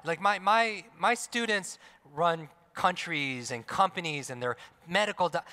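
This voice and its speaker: Middle-aged guy hyping a crowd at an expo, keeps asking "right?", bright punchy voice, big hall echo. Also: sits high. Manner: energetic, asks the crowd questions, tag "right?". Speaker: motivational speaker. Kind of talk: live stage talk to an audience. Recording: long hall reverb.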